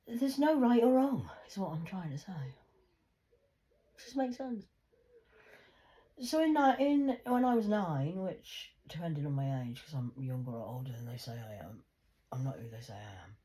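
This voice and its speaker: A woman's voice: fairly low pitch, dark tone. A woman, talking in a rambling, sweary, casual monologue. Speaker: host.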